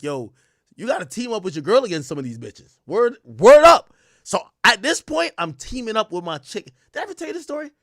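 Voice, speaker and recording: Young man, podcast host, casual storytelling, animated and profane, fairly high voice, dry close sound. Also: no room sound. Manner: profane, animated, quotes others in his own voice.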